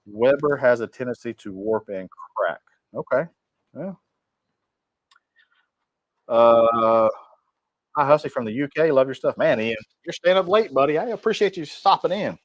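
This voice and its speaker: A man's voice: mid-range voice, lively intonation, unhurried, pauses often, no echo, low-quality recording. A man hosting a cooking channel livestream, reading viewer comments aloud and answering them in a rambling, friendly way with frequent restarts. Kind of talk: casual livestream chat.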